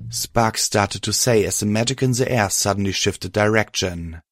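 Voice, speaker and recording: Male storybook narrator, deep-ish voice, dry close sound. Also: normal speed, dry recording.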